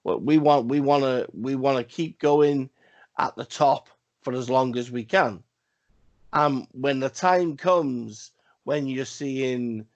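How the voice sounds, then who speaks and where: A man's voice: mid-range voice, lo-fi sound. A man co-hosting a casual wrestling podcast, talking in a rambling, profane way with emphatic repeats. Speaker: podcast co-host.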